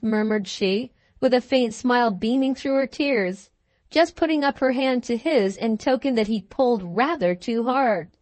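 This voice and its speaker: A woman reading a classic novel aloud as an audiobook narrator, in an even, measured manner. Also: a little high, no room sound. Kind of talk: scripted narration.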